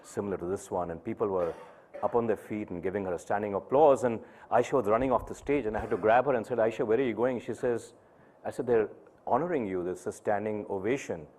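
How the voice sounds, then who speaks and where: A middle-aged man giving a personal storytelling speech to an audience, measured and pausing for emphasis. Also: on the low side, darkish tone. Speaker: speaker at an event.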